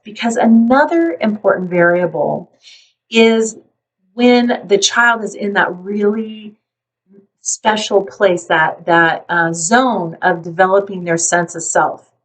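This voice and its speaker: Woman psychologist talking parenting, calm explaining voice, mic a bit far off, middle pitch. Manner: calm, explanatory, acts out worried parents in quick asides. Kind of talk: talking to camera about parenting.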